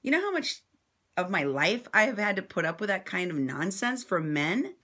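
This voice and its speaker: A woman journalist giving impassioned commentary in response to viewer comments, assertive and sarcastic, swinging between loud outbursts and low asides. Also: very animated, normal speed, husky. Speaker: independent journalist and vlogger.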